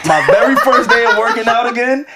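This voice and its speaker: A man's voice: very high voice, animated, fairly quick, over a noisy crowd. A man in casual podcast chat, earnestly telling a story about his own experience. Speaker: podcast guest. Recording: noisy background.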